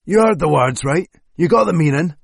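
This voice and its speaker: A man's voice: mid-range voice, normal speed, no echo, close to an everyday voice. A man voicing a wary retired male hitman with a clipped, sardonic way of talking. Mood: menacing. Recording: dry close studio sound.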